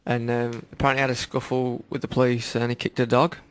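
A man's voice: mid-range voice, level tone, fast talker, clean tone. A man co-hosting a radio show, telling a news story in a rambling, giggly way and acting out quotes in silly voices. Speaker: radio co-host. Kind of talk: casual comedic news chat.

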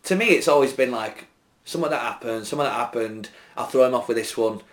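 A man's voice: medium pitch, quick pace. A man co-hosting a comedy podcast, teasing and interrupting with playful banter. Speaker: podcast co-host.

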